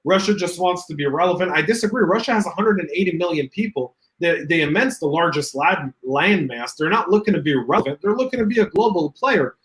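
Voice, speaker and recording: A man with a slightly raised pitch co-hosts a casual online talk show. He reads viewer comments aloud and answers them with quick, opinionated remarks and a joking edge. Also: animated, a bit bright, rough recording. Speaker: podcast co-host.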